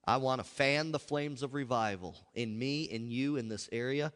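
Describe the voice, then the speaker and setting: A male pastor preaching a sermon, swinging between loud outbursts and hushed asides. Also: mid-range voice, moderate pace, smooth. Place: church. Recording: echoey hall.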